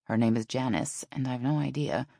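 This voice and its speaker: A woman doing a dry, weary softball player. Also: very deep voice, steady tone, normal speed, gravelly, dry recording, exaggerated voice. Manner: dry, quiet quips. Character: tired, competitive adult woman, quipping.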